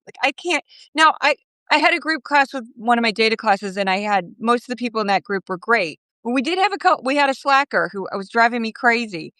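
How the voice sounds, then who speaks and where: Over a dry, close phone recording, a middle-aged podcast guest chats casually in a bright, slightly high voice. She's animated and quick, laughing between her thoughts throughout the interview.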